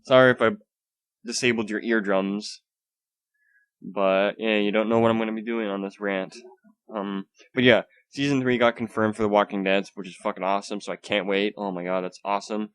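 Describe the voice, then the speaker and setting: This young podcast host talks alone from a room at home, his fairly low, smooth voice holding a steady tone at normal speed. He rambles loosely, cursing often, using fillers and starting over. Throughout, he keeps his voice down.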